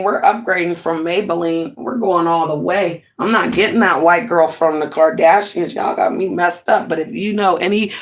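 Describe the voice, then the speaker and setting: A woman in her forties chatting live to her viewers from home, animated and quick to laugh. Her voice sits a little low for a woman, and she shifts between easy rambling and playful asides to the chat. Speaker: livestream host. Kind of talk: casual livestream chat.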